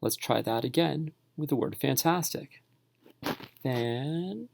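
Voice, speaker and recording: A man narrates an instructional tutorial on spelling strategies, calmly splitting words into syllables slowly and clearly. His mid-range voice has a heavy gravelly fry. The recording is close and dry, with no echo or room behind it.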